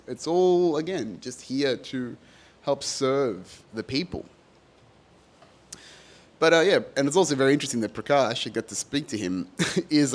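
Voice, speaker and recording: A man hosting a podcast in a casual monologue, rambling with many fillers and frequent laughter. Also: mid-range voice. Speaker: podcast host.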